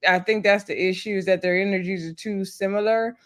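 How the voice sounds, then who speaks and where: Woman, channel host, casual recap, chatty, tired, mid-pitched. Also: a little fast. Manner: chatty and animated, peppered with "y'all" and laughs. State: tired, up late. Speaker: YouTube host recapping reality TV.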